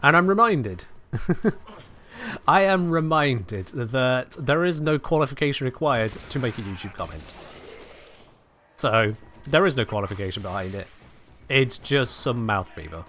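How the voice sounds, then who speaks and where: A man's voice: mid-range voice, animated, a little slow, pauses often, sharp tone, a little hiss or hum. A man chatting dryly and sarcastically with viewers while playing a game on a live stream. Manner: dry, sardonic, chats to viewers while playing. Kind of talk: casual live-stream chat while gaming.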